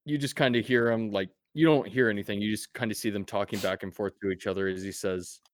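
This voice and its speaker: A man's voice: on the low side, steady tone, quick pace, no room sound, studio quality. A man narrating as game master of a tabletop game, laid-back and profane, with many fillers.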